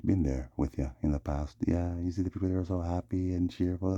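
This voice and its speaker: A man's voice: low voice, a little fast, hardly any pauses, dark tone, no room sound, muffled recording. A man delivering a rambling vlog monologue, repeating "yeah" and "yes" as refrains. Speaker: vlogger.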